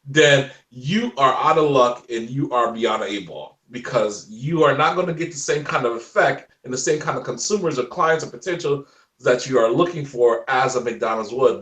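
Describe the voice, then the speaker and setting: A man in his forties telling stories in a casual interview chat, animated and laughing often. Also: medium pitch, normal speed, reverberant, recorded from a distance. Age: 40s. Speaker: guest.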